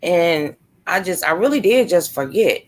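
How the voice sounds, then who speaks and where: A woman's voice: lowish voice, animated, measured pace. Brief: woman streamer, loose and emphatic casual chat. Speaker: live streamer.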